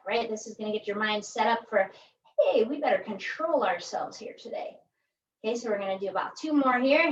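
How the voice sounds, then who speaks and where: A woman's voice: a little high, slight background noise. A woman instructing a pilates workout in a chatty, joking way, often tagging her cues with "right?". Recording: echoey room, distant mic, dull sound.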